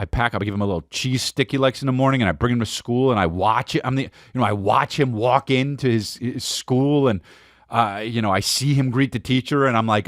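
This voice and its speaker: A man's voice: mid-range voice, a bit bright, no room sound, studio quality. A man hosting a podcast, telling a casual comic story in a rambling way with stammered restarts and crude words. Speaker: podcast host.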